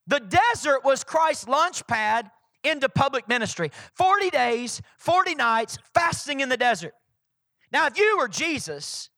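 A man preaching a sermon as pastor, emphatic and animated, repeating his key lines. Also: very high-pitched, no echo.

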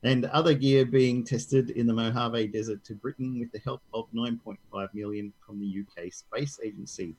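A man's voice: mid-range voice, fairly even intonation, moderate pace, hardly any pauses, a little mellow, breathy edge, rough recording. A man co-hosting a casual tech news podcast, reading articles aloud and joking with his co-host.

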